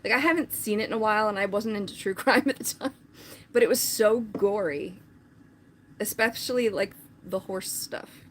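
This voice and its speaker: A woman's voice: medium pitch, fairly quick, fairly bright tone, a little hiss or hum. A woman chatting casually on a live stream, rambling with lots of filler words.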